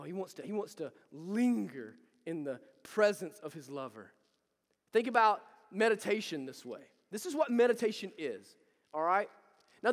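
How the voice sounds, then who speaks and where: A man's voice: very high-pitched, fairly bright tone, long reverb tail. A man preaching a sermon, emphatic and repetitive, building intensity as he talks.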